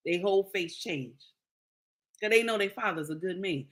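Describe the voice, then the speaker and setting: Here a female social commentator uses a pushed, bright mid-range voice at normal speed. She preaches casually to her "sisters," circling back to repeat the lines she wants to stick.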